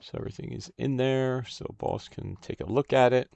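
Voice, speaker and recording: A man hosting a casual livestream, thinking aloud in a halting, unhurried way while he works on cards. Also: mid-range voice, creaky, darkish tone, dry recording, highs cut off. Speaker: stream host.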